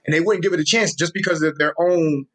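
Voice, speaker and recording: As an interview guest, a young social media Tolkien explainer with a New York accent speaks quickly in a high-ish voice. He's animated and street-casual, frequently repeating and restarting his words.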